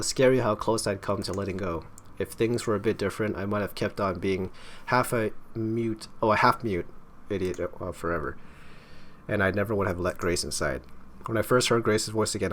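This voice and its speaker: A man's voice: fairly low pitch, a bit bright, a little hiss or hum. A man playing through a game, narrating its text and commenting in a casual, stumbling way with wry asides, his throat strained from talking. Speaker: gaming YouTuber.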